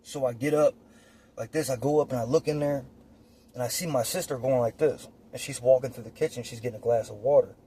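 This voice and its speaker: A man telling a personal story casually, outdoors on his phone, animated and profane, acting out the scenes as he goes. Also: medium pitch, brisk, slightly rough. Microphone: phone or camera.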